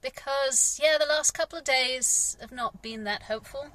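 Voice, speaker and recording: English woman gardener, middle-aged, for a candid rambling monologue; bright timbre. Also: high-pitched, normal speed. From England. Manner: rambling, frank, sighing, swears. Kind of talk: casual personal vlog monologue.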